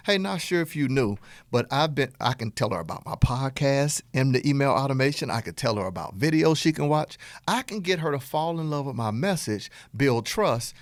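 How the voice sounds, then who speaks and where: A middle-aged man with a Southern US accent, hosting a podcast and giving an energetic motivational business talk in a playful, animated way. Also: medium pitch, dry recording, studio quality. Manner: animated, playful, acts out dialogue in quotes. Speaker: podcast host and business coach.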